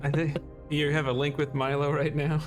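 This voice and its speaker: A man's voice: fairly high pitch, level tone, normal speed, faint music behind. A man playing a tabletop game, talking in an easygoing, casual way. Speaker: player.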